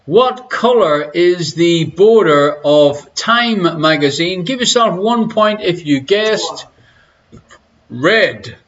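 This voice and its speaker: Slow and a bit bright, the high voice has lively intonation, though the audio sounds dull. An Irish host running a live-streamed pub quiz from his living room, he reads questions and makes crude, teasing jokes.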